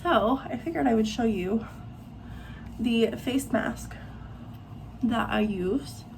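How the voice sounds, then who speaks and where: A woman's voice: fairly high pitch, slow, creaky, a little mellow, slight background noise. A young woman from Missouri, talking casually and rambling a bit as she vlogs at home, filmed on a phone propped in her bathroom. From Missouri, USA. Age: 20s. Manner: chatty, rambling with many fillers. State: out of breath. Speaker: vlog host. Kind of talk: casual vlog voice-over and talking to camera. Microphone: phone propped in a cabinet.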